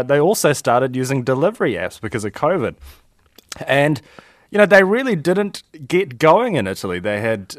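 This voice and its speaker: A man's voice: mid-range voice, no room sound, clean studio sound. A man giving a radio business report, loose and laughing, often saying "uh" and "look".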